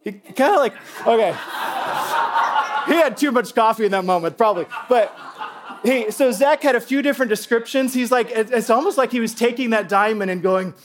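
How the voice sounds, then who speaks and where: A man preaching a sermon to a congregation, animated and excitable, dropping from loud bursts to hushed tones. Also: extremely high pitch, a little fast, background noise. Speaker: pastor.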